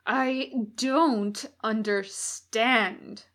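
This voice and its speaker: A woman voicing a menacing male demon duke who speaks slowly and loudly, sneering with cold cruelty, in an audiobook reading. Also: fairly high pitch. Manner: slow, loud, hissing through teeth.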